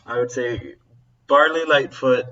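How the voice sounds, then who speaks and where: A man's voice: medium pitch, unhurried, bright, forceful tone, distant mic, muffled recording, slight background noise. A man who works as a teacher, chatting casually to camera, rambling and often breaking off to correct himself. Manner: rambling, self-interrupting, chuckling. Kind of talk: casual vlog chat.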